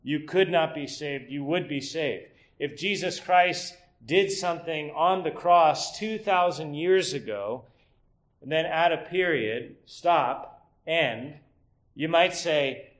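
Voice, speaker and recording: A middle-aged man delivers an expository sermon at a slightly slow pace. He builds up to emphatic rhetorical questions, then drops low and quiet to teach.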